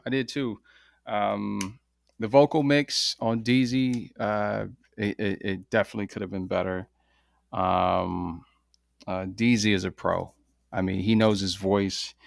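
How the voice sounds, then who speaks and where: A man's voice: fairly low pitch, gravelly, dry recording, studio quality. A man co-hosting a show who chats easily about a song and often repeats words while he searches for them. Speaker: co-host reviewing songs. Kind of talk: casual review chat.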